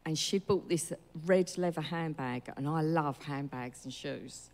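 A woman with a low voice tells her testimony in a chatty, rambling way, doubling back and correcting herself. Her voice rings with a long echo through a church hall. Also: unhurried. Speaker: church member giving testimony. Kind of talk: personal testimony.

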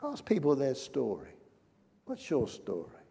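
Older male preacher, warm voice, emphatic delivery, reverberant hall. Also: mid-range voice, huge pitch swings, a little slow, creaky, husky. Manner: emphatic, rising to loud peaks. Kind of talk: sermon. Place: church.

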